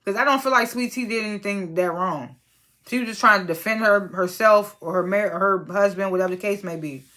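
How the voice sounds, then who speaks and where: A woman's voice: medium pitch, fairly quick, pushed and bright. A woman casually recapping a reality TV episode, chatty and slangy, with lots of fillers and exasperated asides.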